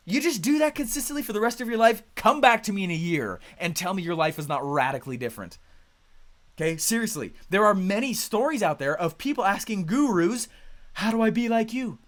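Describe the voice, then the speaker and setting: A man coaching a group, talking energetically and emphatically in a quick, conversational storytelling way with loud bursts. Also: high voice. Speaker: business coach. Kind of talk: motivational coaching talk.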